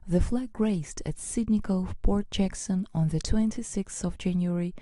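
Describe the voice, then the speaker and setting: A woman reading a scripted educational narration in an even, measured way. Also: medium pitch, dry recording.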